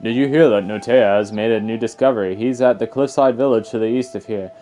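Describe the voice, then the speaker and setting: A man voicing an excitable male farmer villager from a video game, in a put-on British accent. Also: lowish voice, a little fast, soft background music, lightly acted. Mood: excited.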